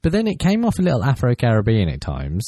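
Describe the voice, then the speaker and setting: A man co-hosting a casual podcast chat, animated and blunt, swearing casually. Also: mid-range voice, quick pace, husky, no room sound, studio quality. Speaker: podcast co-host. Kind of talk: casual chat about a TV serial.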